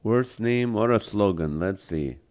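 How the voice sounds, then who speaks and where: Reading from a comedy list on his live stream, a host with a non-native English accent laughs often, cracks jokes and greets viewers by name. He speaks a little slowly in an animated, lowish voice with a darkish tone.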